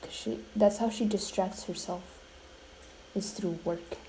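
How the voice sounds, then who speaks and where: A woman giving dramatic gameplay commentary, gushing and melodramatic, often dropping to hushed asides. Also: medium pitch, steady tone, a little slow, a little hiss or hum, low-quality recording. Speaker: gaming YouTuber.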